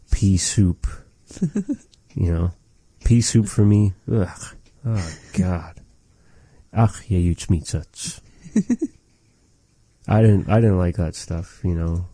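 A man teaching phrases in a casual language lesson, patient, repeating words slowly and joking now and then. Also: low-pitched, dark tone, no room sound.

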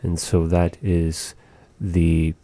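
Deep, mellow male language teacher; slow, patient, demonstrates sounds. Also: flat delivery, no room sound. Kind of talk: explaining pronunciation.

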